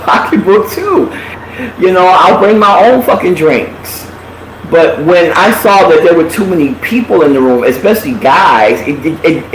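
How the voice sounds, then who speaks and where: A woman host telling a personal story in casual chat, with lots of profanity, acting out what people said. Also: deep voice. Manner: profane, animated, acts out quotes. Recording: echoey room with faint noise.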